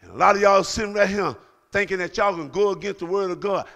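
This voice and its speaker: A middle-aged man preaching a sermon to his congregation, building into shouted calls to the church. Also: sits high, quick pace. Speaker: pastor. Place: church sanctuary.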